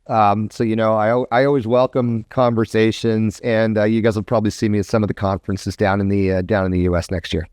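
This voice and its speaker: A man's voice: on the low side, little pitch movement, fast, few pauses, a little mellow, clean tone, dry recording, clean studio sound. A man from Canada, a guest in a podcast interview, talking in a friendly, joking way. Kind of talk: casual interview chat.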